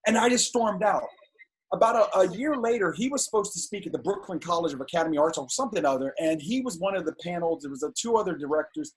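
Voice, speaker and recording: A middle-aged man, a filmmaker guest on an interview show, telling animated, indignant stories in casual talk. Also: high voice, fast, slightly rough. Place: home on a video call.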